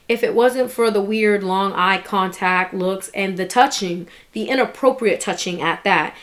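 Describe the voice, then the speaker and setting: A woman's voice: fairly high pitch, moderate pace. Indignant woman giving casual commentary. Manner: candid, indignant, swears casually. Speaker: vlogger reviewing a documentary.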